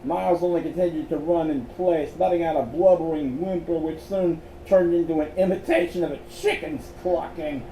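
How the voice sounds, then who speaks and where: A man reads an excerpt of his own storybook, pausing and restarting when he trips over words. His voice is mellow and dark-toned. It sits in a roomy echo with a faint hum behind. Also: fairly high pitch, steady tone. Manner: slow with stumbles and restarts. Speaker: author and reader.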